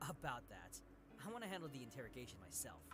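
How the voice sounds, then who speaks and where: A laid-back young detective from a visual novel, read by a man. He talks quickly and casually, with a lively, bouncing pitch. Game music plays clearly behind him.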